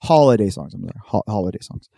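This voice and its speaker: A man's voice: fairly low pitch, expressive, fast talker, creaky, mellow, dry recording, studio quality. A man co-hosting a podcast, rambling in casual chat and restarting his sentences often. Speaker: podcast co-host.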